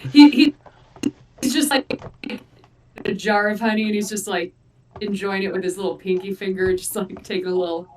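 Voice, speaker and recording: A woman's voice: mid-range voice, steady tone, normal speed, long pauses, a little mellow, distant mic, slight background noise. A woman playing in a tabletop game, describing her action casually with lots of "like". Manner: casual, trailing "like" as she describes. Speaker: player.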